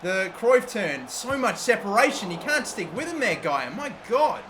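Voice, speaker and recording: A young Australian man commentating his own football video game, swearing freely and bursting into shouts when his team scores. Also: high voice, sing-song, normal speed, slight background noise. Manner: swears often, erupts into shouting at goals. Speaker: gaming YouTuber. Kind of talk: live gameplay commentary.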